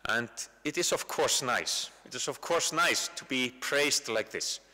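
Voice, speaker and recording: Icelandic man lecturing, bright forceful tone, long reverb of a big hall, conversational and repeats himself. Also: mid-range voice, animated, measured pace. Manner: conversational, repeats words while finding phrasing. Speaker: guest lecturer. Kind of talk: public university lecture. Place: large university lecture hall.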